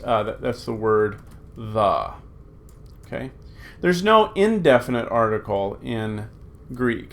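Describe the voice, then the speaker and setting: Man teaching a recorded Greek lesson. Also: medium pitch. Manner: patient, repeats forms aloud with many fillers.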